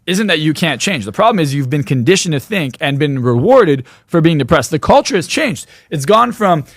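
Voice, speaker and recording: A man's voice: a little high, very animated, normal speed, dry recording, studio quality. A man speaking as a podcast guest in a blunt, emphatic, opinionated way. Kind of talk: podcast interview.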